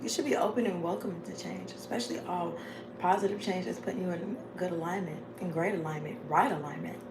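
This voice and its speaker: A vlogger with a lowish voice talks fast as she gives her viewers a rambling, casual motivational talk, chatty and informal. She calls them "y'all" and "babes" and keeps breaking into laughter, recorded in an echoey room with faint background noise.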